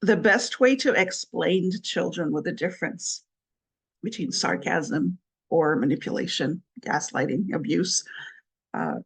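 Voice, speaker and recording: A woman's voice: on the low side, slightly rough. A woman hosting a solo parenting podcast, explaining step by step and repeating her key points with a light laugh now and then. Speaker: podcast host. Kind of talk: solo advice talk.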